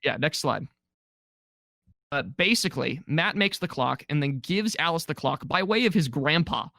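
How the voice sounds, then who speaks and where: A man on a podcast recaps a movie in a loose, joking way, slipping into mocking voices for the characters he quotes. His voice sits a bit high for a man. The sound is dry and close to the mic. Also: expressive, moderate pace, vocal fry, pushed and bright, no room sound. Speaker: podcast co-host. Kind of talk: casual movie review chat.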